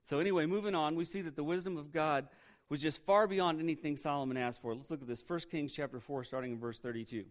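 A male pastor with a somewhat high voice delivers a sermon in a relaxed, conversational style. He keeps asking the congregation questions as he goes and stays easygoing throughout. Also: fast. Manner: conversational preaching, asks the congregation questions, laughs at himself.

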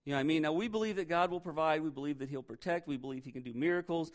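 A man's voice: fairly high pitch, racing. A male pastor preaching a sermon in a church, conversational and full of rhetorical questions.

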